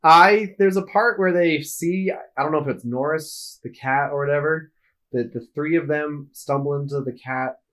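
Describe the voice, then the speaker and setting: Male podcast co-host, higher-pitched, chatty and quick to laugh. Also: a bit bright. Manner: chatty, laughs often, nitpicking. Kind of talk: casual film discussion.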